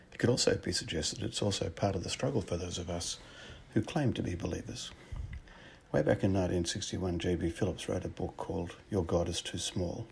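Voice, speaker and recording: A man with an Australian accent preaching a sermon in a measured, reflective way, asking rhetorical questions. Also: deep voice, vocal fry, darkish tone, a little hiss or hum.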